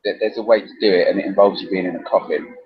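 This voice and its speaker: A man's voice: low-pitched, steady tone, racing, dull audio. A man co-hosting a casual webcast chat, blunt and jokey, laughing often. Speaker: co-host, coach.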